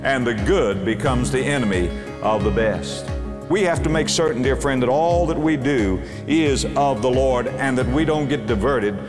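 A male pastor preaching a sermon with fervor, slowing down to read scripture with weight. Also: medium pitch. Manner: impassioned preaching, slows to read scripture aloud. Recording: echoey hall with soft music.

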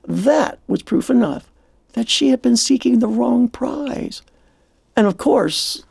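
A man's voice: extremely high pitch, gravelly, a little mellow, breathy edge, no echo. A man co-hosting a devotional radio program, speaking in an earnest, reflective way.

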